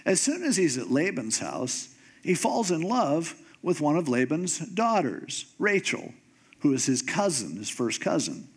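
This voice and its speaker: A man with a slightly high voice preaches a sermon in a lively storytelling way. He acts out the people in his story with comic pitch jumps. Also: measured pace, slightly rough. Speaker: pastor.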